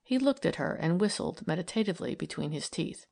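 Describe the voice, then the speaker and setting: A woman narrating a novel in a measured, even storytelling manner. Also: lowish voice, gravelly. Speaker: audiobook reader. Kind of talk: scripted narration.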